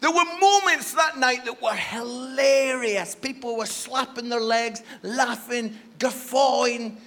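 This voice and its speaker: High, bright-voiced preacher. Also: male voice, takes it slowly. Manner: animated, playful, addresses the audience directly. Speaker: guest preacher. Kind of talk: humorous storytelling sermon.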